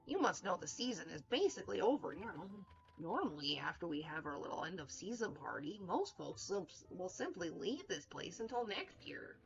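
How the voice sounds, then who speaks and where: A timid pushover of a man who owns a camp, talking low and quietly, as a woman puts him on. He sounds soft and eager to please. Dull lo-fi sound with faint music in the background. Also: sing-song, moderate pace, gravelly. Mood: apologetic.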